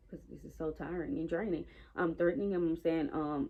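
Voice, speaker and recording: A woman telling a story casually while working out, animated and exasperated as she acts out her own side of conversations. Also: on the low side, fairly quick, lo-fi sound, a little hiss or hum.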